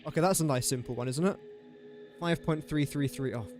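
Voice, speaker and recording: A man's voice: on the high side, a little fast, darkish tone, faint music behind. A man chatting on a game live stream, thinking aloud through sums and joking with viewers. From England. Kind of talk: casual live-stream chat.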